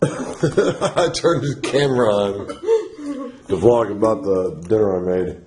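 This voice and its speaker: A man's voice: fairly low pitch, animated, slow, a crowd in the background. A young man chatting casually in a couple's home vlog, joking around and slipping into silly put-on accents. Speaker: vlogger.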